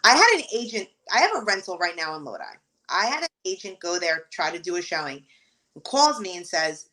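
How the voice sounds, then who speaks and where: A woman's voice: fairly low pitch, moderate pace, rough recording. A woman, a real estate agent and guest, telling work stories in casual interview talk with exasperated asides. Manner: animated storytelling, exasperated asides.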